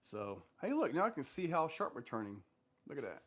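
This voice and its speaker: A man's voice: medium pitch, big pitch swings, a little fast, a bit bright, husky. A man hosting a casual live stream, reading viewer comments aloud and answering them in a loose, rambling way with lots of fillers. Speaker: livestream host answering viewer questions.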